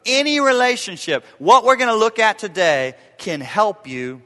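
Male pastor, forties, emphatic sermon, lively pitch, long hall reverb. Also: normal speed. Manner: emphatic, repeats key phrases.

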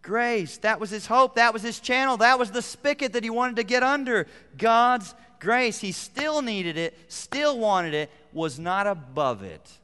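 A middle-aged man preaching a sermon as pastor, animated, climbing to emphatic peaks and dropping to quiet asides. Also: high-pitched, a little slow, few pauses, smooth. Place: church sanctuary. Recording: long reverb of a large hall.

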